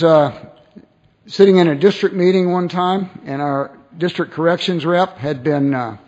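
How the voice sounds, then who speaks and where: A man tells his recovery story, acting out quoted voices, with many restarts. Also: on the high side. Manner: animated, acts out quoted voices, frequent restarts. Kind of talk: personal storytelling talk. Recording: dull lo-fi recording.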